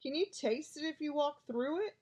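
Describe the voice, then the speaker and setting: A woman voicing a cautious young schoolboy who speaks quickly and carefully. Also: high-pitched, darkish tone, voice pushed up, close to an everyday voice. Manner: cautious, hurried.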